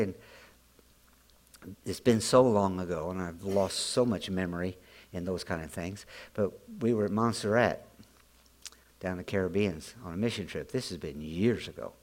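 A man's voice: low voice, a little mellow. A middle-aged man preaching a sermon as pastor, telling stories in a folksy way, often repeating and restarting his words.

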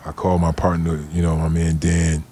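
Deep-voiced man telling a story casually. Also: monotone, brisk, dark tone, breathy edge. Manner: laid-back, slangy, "you know what I'm saying" fillers. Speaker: guest, cannabis company founder.

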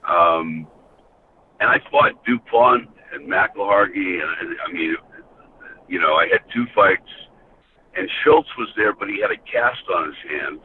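Deep-voiced older man on a phone line. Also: a little slow. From United States. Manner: rambling anecdotes with frequent "you know". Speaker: podcast guest, former hockey enforcer. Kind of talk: casual storytelling. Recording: tinny phone line with faint hiss.

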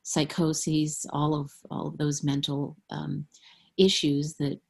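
A woman's voice: sits low, little pitch movement, slow pace, creaky, slightly rough. A middle-aged woman, an author being interviewed, speaking candidly and frankly and laughing often. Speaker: author guest. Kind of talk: interview conversation.

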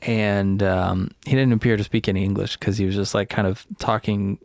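Guy with a lowish voice rambling thru a story, lots of um and like, dry close sound. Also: little pitch movement, normal speed, no echo. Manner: rambling storyteller, many fillers and restarts; acts out quoted people loudly. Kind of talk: casual chat.

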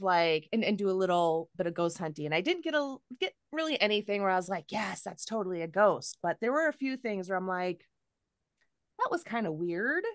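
A woman's voice: medium pitch, a bit bright, clean tone, no room sound, studio quality. A woman hosting a podcast in casual chat, candid and a little profane, laughing often as she talks. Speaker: podcast host.

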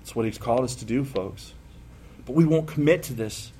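Middle-aged male pastor, mid pitch, chatty sermon delivery with punchy emphatic bursts. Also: fairly quick, dark tone, slight background noise. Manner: conversational, self-deprecating, with rising emphatic bursts. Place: church sanctuary.

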